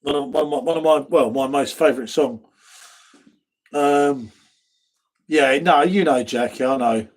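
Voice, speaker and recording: A man's voice: on the high side, normal speed, pauses often. A middle-aged man with an accent from near London, hosting a casual live stream, chatting and reading out viewer comments. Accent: southern English, from near London. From England. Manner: chatty, laid-back, reads viewer comments, says mate a lot. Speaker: live stream pub host.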